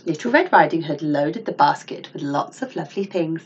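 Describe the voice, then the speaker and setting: A woman's voice: low-pitched, normal speed, dull audio, slight background noise. A woman teacher reading a picture book aloud to children, asking them questions and gasping at the twists. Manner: animated, with gasps and questions to the listener.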